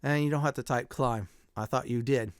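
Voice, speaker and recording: A man's voice: mid-range voice, moderate pace, clean tone, dry recording, studio quality. A middle-aged man giving casual commentary over a video game playthrough, chatty, with lots of "uh" fillers and frequent chuckles. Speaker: gameplay commentator.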